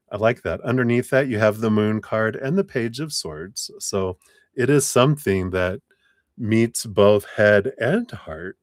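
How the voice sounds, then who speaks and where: Recorded dry with clean studio sound, a low-voiced man gives a tarot reading on a live stream. He's in a home room with an air conditioner, chatting, laughing and rambling as he goes.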